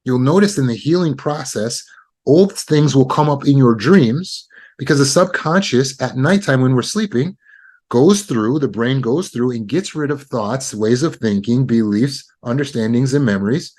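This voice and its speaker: A man's voice: medium pitch, expressive, normal speed, darkish tone. Man teaching a self-help lesson. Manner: repetitive, instructive, walks through steps. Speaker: trauma recovery teacher.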